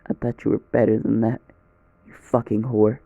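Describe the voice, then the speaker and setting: A man's voice: lowish voice, level tone, moderate pace, creaky, dry recording. A man voicing a betrayed young male hero who turns coldly vengeful, in a fan story read over a dull lo-fi recording. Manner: wounded, then icy and threatening.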